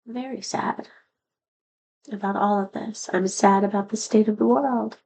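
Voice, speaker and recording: A woman's voice: mid-range voice, fairly even intonation, normal speed, gravelly, mellow, poor audio. Woman vlogger, middle-aged, rambling confessional talk, sad and candid, slightly worn voice. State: voice not at full strength after being sick. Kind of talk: personal vlog monologue.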